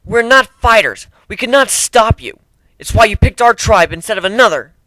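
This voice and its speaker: A man's voice: high voice, lively intonation, moderate pace, bright, forceful tone, no echo, voice pushed up, low-quality recording. A man voicing a fierce young cat-woman tribal warrior who speaks in a proud, accusing, formal way. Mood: grieving.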